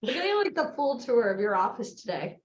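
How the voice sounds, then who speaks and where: A woman's voice: a little high, very animated, a little fast, lo-fi sound. Giggly woman host in a roomy room. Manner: giggly, enthusiastic. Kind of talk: casual interview chat.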